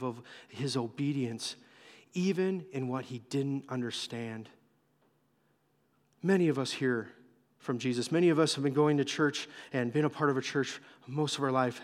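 A male pastor preaching a sermon, telling the story with animated, acted-out voices. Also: medium pitch. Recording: long hall reverb.

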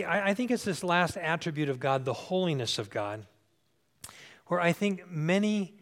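Older man preaching a conversational sermon. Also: on the high side. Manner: conversational, checks in with "okay?", repeats phrases for emphasis. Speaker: pastor.

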